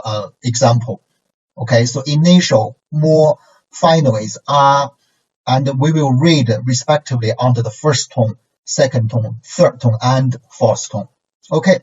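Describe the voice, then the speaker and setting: Slow, husky male language teacher. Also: medium pitch, a little mellow. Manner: patient, repetitive, checks in with okay and right; models syllables and tones for repetition. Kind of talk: recorded language lesson. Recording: distant, dull lo-fi sound.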